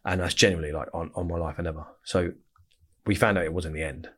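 A man with an Essex accent telling stories as a podcast guest, animated and full of swearing. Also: deep voice. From England. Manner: fast, animated storytelling with heavy swearing. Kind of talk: storytelling interview.

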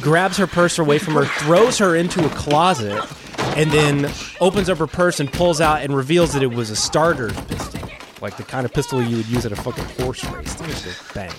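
A man's voice: fairly high pitch, normal speed, background noise. A man co-hosting a podcast, casually retelling a film's plot and swearing freely as he goes. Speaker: podcast co-host. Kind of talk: casual movie recap chat.

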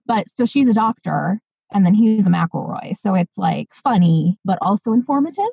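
A woman co-hosting a podcast, chatting casually and excitedly with lots of fillers. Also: medium pitch, normal speed, gravelly, slightly rough, no echo, muffled recording. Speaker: podcast co-host. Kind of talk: casual chat.

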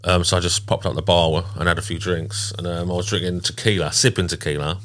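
A man's voice: low voice, steady tone, fast talker, fairly bright tone, slight background noise. A man, chatting casually and swearing freely as a podcast co-host. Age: 30s. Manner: laid-back, swears casually. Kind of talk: casual chat.

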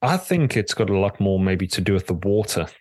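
A UK man co-hosts a podcast in casual chat, thinking aloud hesitantly and musingly, with many fillers and trailing questions. His voice sits low and has a darkish tone, yet he sounds animated and brisk. The recording is dry with clean studio sound.

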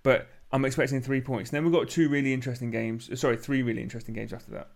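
A man's voice: medium pitch, steady tone, very fast, vocal fry. A man co-hosting a casual football podcast, talking in dry, teasing banter. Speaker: podcast co-host.

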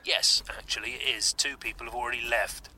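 An actor playing an indignant, easily wounded football manager who whines about slights, in a comedy audio drama. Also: male voice, medium pitch, steady tone, brisk, sharp tone. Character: touchy self-pitying male football manager. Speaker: football club executive.

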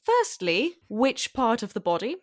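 A woman co-hosting a podcast who explains things in a measured way, stressing key words through deliberate repetition. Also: fairly high pitch, huge pitch swings, no room sound, studio quality. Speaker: podcast co-host. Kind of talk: explanatory casual chat.

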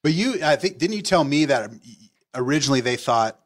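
A man's voice: mid-range voice, animated, fairly quick. A man who writes and runs a comedy show, chatting in an easygoing way. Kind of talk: casual interview chat.

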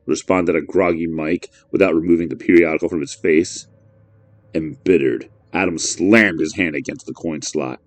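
A man narrating a horror story in a measured, brooding way. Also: a bass voice, dry recording.

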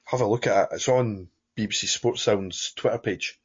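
A man's voice: lowish voice, normal speed, husky. A Scottish man co-hosting a football podcast, talking casually in long rambling turns full of fillers. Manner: rambling, many fillers and restarts, chuckling. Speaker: podcast co-host. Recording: dull lo-fi podcast audio.

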